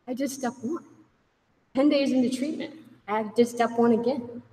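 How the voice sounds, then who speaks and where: At normal speed with long pauses, a woman whose voice is a little high, steady, and dark shares her recovery candidly with a group. She raises her voice when acting out conversations, heard from far off in a reverberant hall serving as the meeting room.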